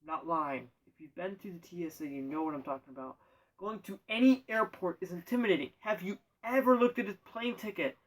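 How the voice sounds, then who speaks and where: Rambling deadpan man, away from the mic. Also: high-pitched, fairly quick, distant mic, rough recording. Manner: deadpan, self-correcting, absurd asides. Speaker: storyteller. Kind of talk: rambling comic monologue.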